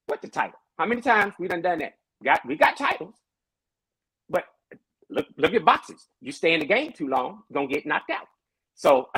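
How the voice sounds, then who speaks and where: A man who is a pastor, talking in a casual podcast discussion with animated, preacher-like storytelling. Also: high-pitched, normal speed, breathy edge, no room sound, poor audio.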